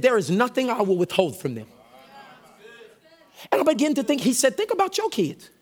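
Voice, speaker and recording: High-pitched pastor preaching with fervor. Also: male voice. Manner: energetic, shouting call-and-response with the congregation. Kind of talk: sermon.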